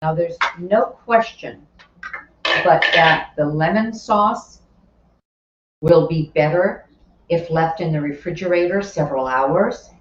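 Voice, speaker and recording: A woman's voice: sits low, takes it slowly. Woman, cooking instructor, chatty, explains steps as she goes, distant dull recording, echoey kitchen. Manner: chatty, explains each step while working, with asides. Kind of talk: live cooking demonstration. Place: home kitchen. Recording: roomy, distant, dull sound with faint kitchen noise.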